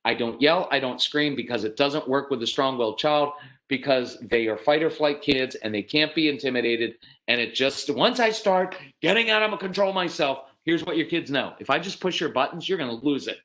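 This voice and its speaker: A middle-aged American man speaks at a live parenting workshop. His delivery is direct and matter-of-fact, and he breaks into lively acted voices of parents and children to make his points. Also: mid-range voice, poor audio. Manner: animated, acts out parents and kids in quick voices.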